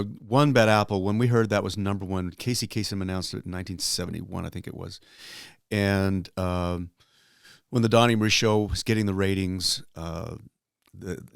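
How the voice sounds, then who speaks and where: An older man, a guest entertainer, telling stories in a relaxed interview and jumping into high excited voices for the people he quotes. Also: normal speed, vocal fry, no room sound, clean studio sound. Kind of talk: relaxed storytelling in a podcast interview.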